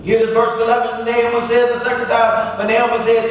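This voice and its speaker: High-voiced pastor preaching in an echoey hall. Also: male voice, monotone, brisk, a little hiss or hum. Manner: rhythmic preaching, talks straight to the congregation. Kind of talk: sermon. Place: church sanctuary. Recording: echoey hall from far off, faint ambience.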